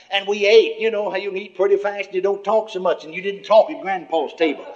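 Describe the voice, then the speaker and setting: Older preacher, high voice, folksy testimony with chuckles, muffled lo-fi tape. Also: male voice, fairly even intonation, moderate pace. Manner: folksy storytelling, chuckling asides, many "you see". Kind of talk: sermon testimony. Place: church gathering before a congregation. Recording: muffled lo-fi recording.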